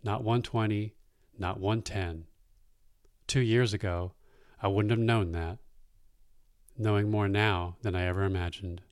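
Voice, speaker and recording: A man reading a first-person story aloud in a plain-spoken, unhurried way. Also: lowish voice, steady tone, dry recording, studio quality.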